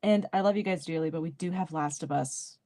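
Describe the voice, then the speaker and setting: A woman's voice: deep voice, fairly quick, dark tone. A woman with a light North Carolina accent hosting a book club chat, laughing often and talking animatedly. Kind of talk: casual video call chat.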